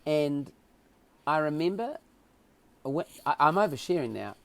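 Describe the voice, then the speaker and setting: A middle-aged man, a podcast guest telling personal stories in a lively, emotional way. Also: fairly high pitch, measured pace, creaky. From New Zealand. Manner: animated, emotional storyteller who acts out quotes. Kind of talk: casual storytelling chat.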